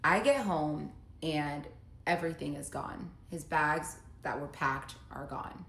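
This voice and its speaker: A woman's voice: deep voice, slow pace, gravelly, fairly bright tone, slight background noise. A woman telling her own breakup story in a casual monologue, emotional, reading messages aloud in her own voice. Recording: echoey room.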